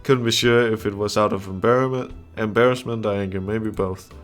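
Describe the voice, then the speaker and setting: A young man with a fairly low voice plays a visual novel in a casual let's-play video, reading the game text aloud. He keeps stopping to laugh and to toss out blunt, profane comments about the characters. His delivery is fairly even and fairly quick, with faint music underneath.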